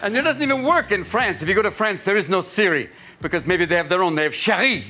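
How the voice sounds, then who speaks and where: A man performing stand-up comedy at a rapid-fire pace, snapping into shouted character voices. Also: high voice, expressive. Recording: live show with loud crowd and noise.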